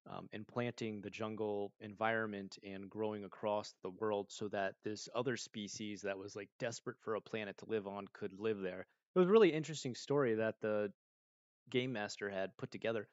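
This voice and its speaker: On a lo-fi live stream with no room sound, a man with a lowish voice answers viewer questions. He rambles animatedly through a story, using many fillers and acting out other people's lines.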